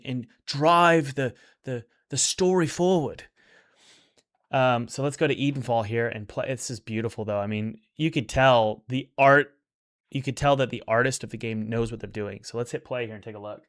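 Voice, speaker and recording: A man's voice: mid-range voice, steady tone, brisk. Rambling man reviewing games on stream. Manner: rambling and upbeat, with many restarts. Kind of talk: casual livestream commentary.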